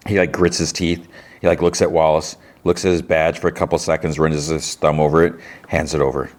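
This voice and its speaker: Low-voiced man rambling through a recap. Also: level tone, fairly quick, a little mellow. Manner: rambling, filler-heavy retelling. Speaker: podcast host. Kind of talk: casual TV episode recap.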